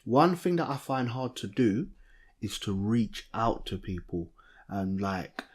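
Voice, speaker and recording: A young man, co-hosting a podcast in a lively, chatty way, often restarting mid-sentence. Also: lowish voice, unhurried, breathy edge. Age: young adult. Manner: animated, chatty, self-interrupting. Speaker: podcast co-host. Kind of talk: casual chat.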